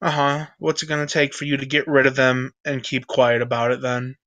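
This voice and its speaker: A man playing a tabletop role-play game, brisk and businesslike, giving orders to others. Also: medium pitch, monotone, fairly bright tone, muffled recording. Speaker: player.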